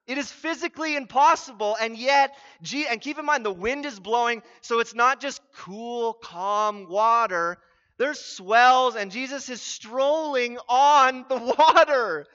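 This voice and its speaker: A man preaching a sermon as a pastor, animated and building to emphatic exclamations. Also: extremely high pitch, a little slow, highs cut off.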